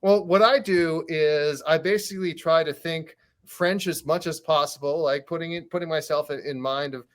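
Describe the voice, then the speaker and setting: A man co-hosting an online event, joking in a dry, deadpan way. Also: a little high, normal speed, few pauses. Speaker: event co-host. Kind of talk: joking banter.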